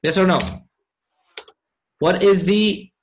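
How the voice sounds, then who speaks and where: A man teaching an online Arabic grammar class, often asking his students questions and reciting verses quickly. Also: high voice, fairly even intonation, a little hiss or hum, poor audio. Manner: engages students with frequent questions.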